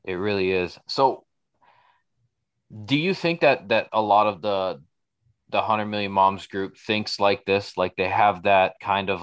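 A man's voice: on the low side, a little slow, a bit bright, smooth, no echo. A man hosting a podcast, talking in a rambling, casual way and swearing now and then. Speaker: podcast host.

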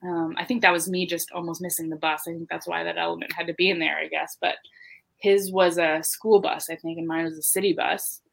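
A young woman co-hosting a podcast, telling a personal story in casual chat, full of "like" and "you know" and quick laughs. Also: fairly low pitch, level tone, gravelly. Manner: chatty, lots of "like" and "you know", laughs often. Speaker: podcast co-host.

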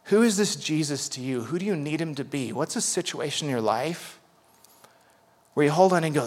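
Earnest preaching man in a reverberant hall. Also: a little high. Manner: earnest, conversational preaching with frequent "right?" and "okay?". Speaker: pastor. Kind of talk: sermon.

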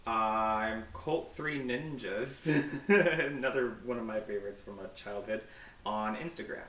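A man's voice: fairly low pitch, measured pace, fairly bright tone, reverberant, recorded from a distance. A man as a podcast guest in casual chat, shy and hesitant.

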